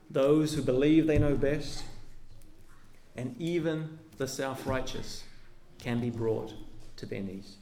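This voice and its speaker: A man delivers a sermon from the pulpit in a fairly high voice. He preaches earnestly and lets the ends of his phrases sink low and soft. The church room gives his voice a clear echo. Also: a little hiss or hum. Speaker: pastor.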